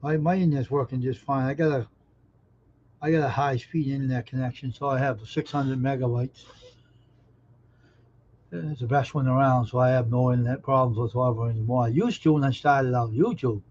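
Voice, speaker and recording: A man's voice: mid-range voice, fairly even intonation, fairly quick, darkish tone, a little hiss or hum. A man hosting a casual live stream from home, chatting with viewers, greeting them by name and grumbling and cursing at his earbuds and phone. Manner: grumbling, curses at his gear. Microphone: earbuds linked to phone. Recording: dull lo-fi stream audio.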